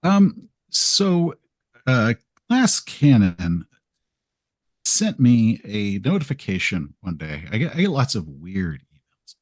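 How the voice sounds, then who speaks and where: A man chats as a podcast guest, low and a little husky in tone. He rambles, makes fun of himself and acts out his own remarks. The sound is dry and close. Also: very animated, slow, dry recording. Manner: rambling, self-deprecating, acts out quotes. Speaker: podcast guest, game video creator. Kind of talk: casual interview storytelling.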